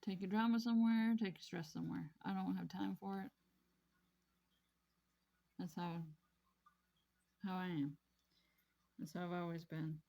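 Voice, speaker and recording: A woman's voice: lowish voice, steady tone, a little slow, vocal fry, long pauses, dark tone. A woman vlogging casually about her craft hobby, rambling and repeating herself in an easygoing way. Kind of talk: casual chat while crafting.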